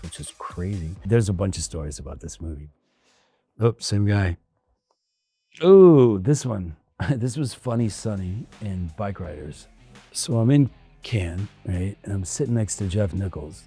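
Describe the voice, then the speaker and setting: A male actor telling lively anecdotes in a casual interview, acting out what others said and swearing now and then. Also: low-pitched, moderate pace, slightly rough, faint music behind. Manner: animated, acts out quotes of others, casual swearing.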